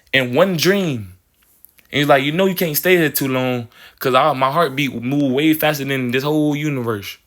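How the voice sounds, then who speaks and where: A man delivering a rambling spiritual monologue, playing with words, restarting phrases and checking in with "you feel me". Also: a little high. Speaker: spiritual speaker.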